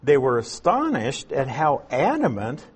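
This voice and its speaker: Husky-voiced man teaching a Bible passage. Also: medium pitch, wildly swooping pitch, measured pace. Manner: explanatory, rhetorical questions.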